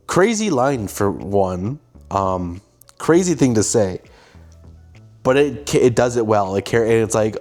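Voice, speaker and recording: A young man hosts a casual storytelling talk in a slightly low voice. He tells it with animated energy and jumps into little acted-out quotes. Faint music sits underneath. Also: normal speed. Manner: animated, acts out quoted lines. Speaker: host, filmmaker.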